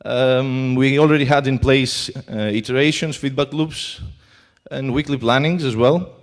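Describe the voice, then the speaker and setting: Greek-accented male conference speaker, halting delivery. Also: mid-range voice, fairly even intonation. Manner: hesitant, many fillers. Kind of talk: conference talk. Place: conference hall.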